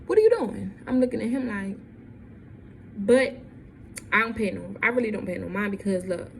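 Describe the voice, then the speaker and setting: A woman's voice: medium pitch, moderate pace, vocal fry, a little hiss or hum. A young woman telling a story in a vlog, repeating lines and acting out what people said. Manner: animated, repeats lines, acts out quotes. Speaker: vlogger.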